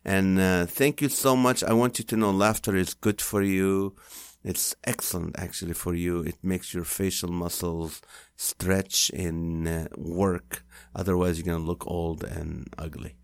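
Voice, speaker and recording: Male podcast host, deep voice, playful mock scolding, dry close sound. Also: level tone, measured pace, smooth, no echo. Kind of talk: podcast sign-off.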